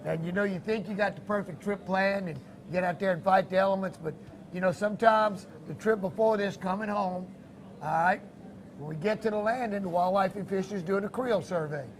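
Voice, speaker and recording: A man tells a fishing story in a relaxed, homespun way. His voice sits high for a man. Faint noise hums behind him. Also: brisk. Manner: folksy, storytelling, laughs easily. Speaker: fishing show co-host. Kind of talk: casual chat about a fishing trip.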